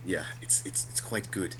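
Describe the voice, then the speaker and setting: A man's voice: on the low side, darkish tone, a little hiss or hum. A man co-hosting a podcast, chatting casually and retelling a comedy skit with laughter. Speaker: podcast co-host. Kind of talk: casual chat.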